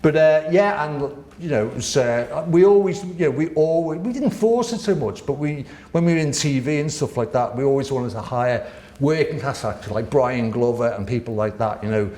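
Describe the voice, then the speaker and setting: A man, a guest telling lively, laughing stories with the odd swear word in a casual interview. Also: mid-range voice, normal speed. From Wirral, England. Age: 60s. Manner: animated, laughing, swearing raconteur. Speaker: guest artist. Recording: roomy echo.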